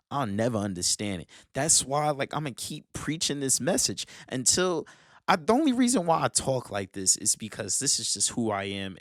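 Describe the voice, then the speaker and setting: A man's voice: mid-range voice, fairly bright tone, no room sound, clean studio sound. A man giving a scolding motivational rant in slangy speech, repeating his lines for emphasis. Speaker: motivational vlogger.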